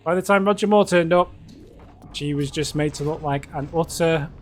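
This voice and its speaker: A man's voice: fairly high pitch, normal speed, slight background noise. A British man co-hosting a game livestream, joking in a wry, dry way. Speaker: game streamer co-host. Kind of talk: casual gaming livestream chat.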